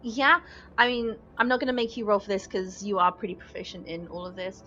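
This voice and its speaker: A woman's voice: mid-range voice, brisk, sharp tone. Woman narrating a tabletop game. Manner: loose narration with fillers and laughs. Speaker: dungeon master. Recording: dull lo-fi podcast audio.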